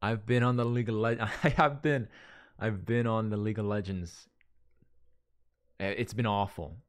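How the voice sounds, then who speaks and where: A man's voice: lowish voice, moderate pace. Rambling, chatty man streaming live. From Las Vegas, USA. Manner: rambling and self-correcting, reads viewer messages aloud. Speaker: livestream host. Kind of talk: casual chat with a live audience.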